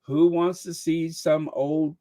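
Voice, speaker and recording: A man's voice: a little high, flat delivery, takes it slowly, warm tone. A man in his sixties, hosting a livestream with casual, joking commentary. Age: 60s. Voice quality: chatty, joking, frequent laughs. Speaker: channel host.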